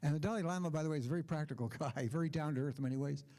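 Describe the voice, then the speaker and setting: A man's voice: a little high, rapid-fire, warm tone. An older man giving a conference keynote speech, telling stories with asides. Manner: anecdotal storytelling with asides. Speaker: keynote speaker.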